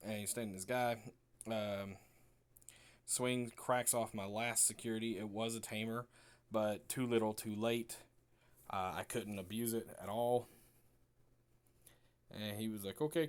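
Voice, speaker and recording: A young man with a lowish voice talks through a card game match in an easygoing, chatty way. He slips into quick acted-out lines for himself and his opponent as he goes. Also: clear, resonant tone. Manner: relaxed and chatty, acting out both players' remarks. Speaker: card game video creator. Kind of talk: casual match recap commentary.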